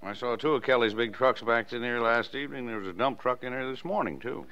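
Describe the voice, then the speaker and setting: A man's voice: mid-range voice, quick pace, a bit bright, lightly acted. An actor playing an easygoing small-town father who soothes and humors his daughter in 1940s radio acting. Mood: humoring. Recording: dull old radio broadcast.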